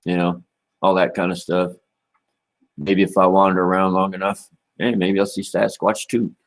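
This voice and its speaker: Laid-back low-voiced man chatting on a livestream. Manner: laid-back, rambling, peppered with "man" and "you know". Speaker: livestream host. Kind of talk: casual livestream chat.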